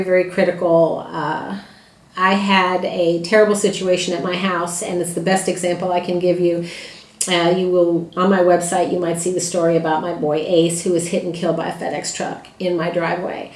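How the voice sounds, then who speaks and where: Low-voiced woman, plainspoken dog trainer. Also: echoey room. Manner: plainspoken, many "uh" fillers and restarts. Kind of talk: informal talk to puppy owners.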